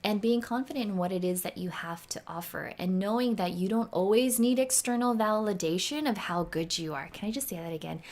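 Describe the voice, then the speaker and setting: A woman speaking on a live video stream in a casual, lively way. She is playful and animated, and acts out small voices as she tells stories. Her pitch sits in the middle range. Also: fairly quick, hardly any pauses. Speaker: guest expert.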